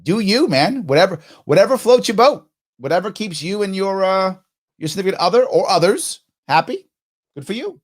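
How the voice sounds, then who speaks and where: A middle-aged man hosts a live stream and talks his way through quiz questions as he goes. His voice sits a bit higher than most men's, and he keeps breaking off to rephrase himself with a chuckle. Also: lively intonation, moderate pace. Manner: musing aloud, frequent self-interruptions and laughs. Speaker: show host.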